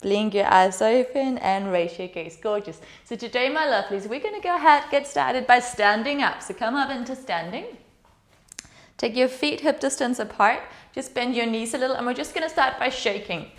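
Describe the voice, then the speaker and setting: A woman's voice: fairly high pitch, animated, normal speed. Soothing woman guiding a yoga flow, roomy echo. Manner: soothing, encouraging guidance. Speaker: yoga teacher. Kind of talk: guided yoga instruction.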